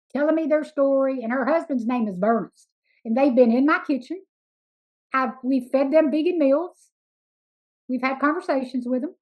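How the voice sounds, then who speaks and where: A middle-aged woman talks in a high, bright register. She tells her stories in a chatty, emphatic, folksy way, as a guest in a casual interview. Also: muffled recording. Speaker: sanctuary founder, interview guest.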